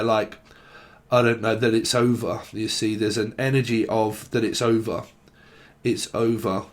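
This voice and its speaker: A man giving a solo tarot reading, rambling and full of fillers. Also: medium pitch. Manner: rambling, heavy on fillers, acts out quoted messages. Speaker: tarot reader.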